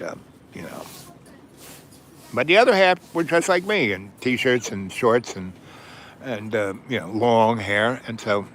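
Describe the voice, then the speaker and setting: A man's voice: mid-range voice, a little hiss or hum. A man in his seventies hosting a livestream, telling a rambling, digressive story with plenty of profanity and trailing asides. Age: 70s. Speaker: livestream host.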